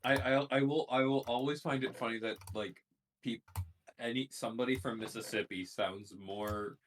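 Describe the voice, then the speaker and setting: A man's voice: mid-range voice, fairly even intonation, normal speed, slight background noise. A man from Canada chatting and joking casually while playing a game with friends. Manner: joking, laughing easily. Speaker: guest player. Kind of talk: casual chat while gaming.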